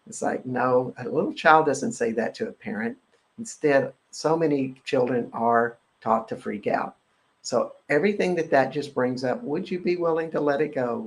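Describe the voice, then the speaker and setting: A man leads a guided energy-clearing session as host of his own show. He speaks in a halting, filler-heavy way. He keeps returning to a repeated chant-like phrase, in a middle-pitched voice. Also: low-quality recording.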